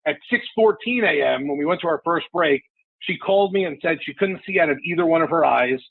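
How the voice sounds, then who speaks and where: Gravelly, husky-voiced man on a phone-like line. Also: a little high, lively intonation, a little fast, no room sound. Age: 40s. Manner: emotional, candid storytelling with profanity. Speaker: sports radio host, podcast guest. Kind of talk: casual podcast storytelling. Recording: phone-like, lo-fi call audio.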